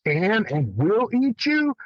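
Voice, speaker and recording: A man telling a hunting story in a casual, animated way, swearing freely. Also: high-pitched, slow pace, no echo, highs cut off. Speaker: guest elk hunter.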